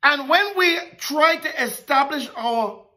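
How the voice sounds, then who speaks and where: A woman preaching a sermon in a slow, deliberate cadence, stretching out key words. Her voice sits fairly high for a woman, and she leans on dramatic pauses and emphatic stress. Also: lively intonation, sharp tone.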